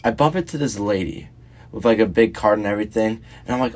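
Young man telling a rambling story. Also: fast. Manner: rambling, repeats "she's like" and puts on a high voice for quotes. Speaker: podcast co-host. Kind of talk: casual chat and storytelling.

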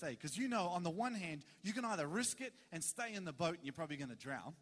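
Animated high-voiced male preacher, reverberant hall. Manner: animated, conversational preaching with dramatic pauses. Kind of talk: sermon. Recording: long reverb of a large hall.

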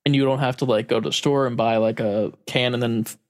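A man's voice: mid-range voice, fairly even intonation, fast, a little mellow. A man in casual chat, telling a story with frequent laughs and casual swearing.

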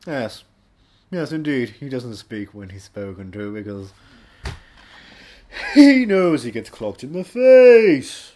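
A man's voice: mid-range voice, very animated, slow, long pauses, warm tone. A man voicing a pompous, self-important male actor who talks in a grand, theatrical way and laughs at himself.

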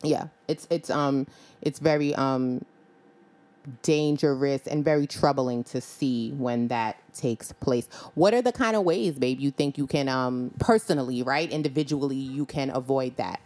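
A woman with a notably low voice co-hosts a faith-based podcast chat. She talks in an unhurried way, pausing on "um" and using tender terms like honey and babe. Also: a little mellow. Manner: unhurried, full of "um" pauses, calls people honey and babe. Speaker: podcast co-host.

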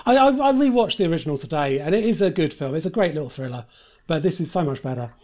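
A man's voice: a little high, expressive, fast talker, mellow. A man co-hosting a casual film podcast, talking in dry, wry asides. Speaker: podcast co-host. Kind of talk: casual chat.

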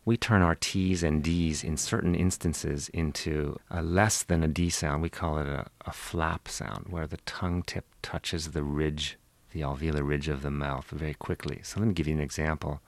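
Recorded close-up on a studio mic with no room sound, a deep-voiced male linguistics professor from Western Pennsylvania gives explanatory answers as an interview guest. His intonation is fairly even, and he lectures in a measured manner, modeling speech sounds along the way.

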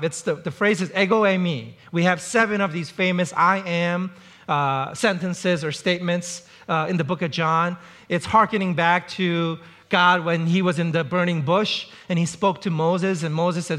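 A man with a high, bright voice preaches to his congregation. He talks in a relaxed, conversational way, slipping into short acted-out quotes to make his points. He sounds middle-aged. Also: moderate pace. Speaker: pastor. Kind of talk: sermon.

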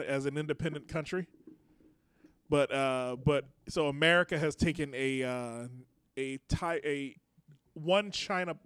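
A man co-hosting a podcast in casual chat, animated, swearing freely and laughing often. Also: a little high, clean tone, no echo, clean studio sound. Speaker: podcast co-host.

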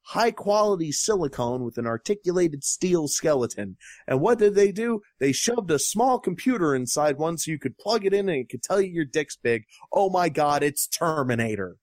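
A man's voice: a little high, no echo, clean studio sound. A man co-hosting a casual talk show, ranting sarcastically and swearing as he tears into news articles. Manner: animated, profane, sarcastic. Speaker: podcast co-host.

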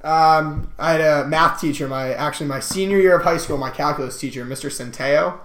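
Slightly high-voiced man in a roomy space. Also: fairly quick, a bit bright. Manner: chatty, joking, imitates people in his stories. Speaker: podcast co-host. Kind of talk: casual chat, storytelling. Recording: roomy echo.

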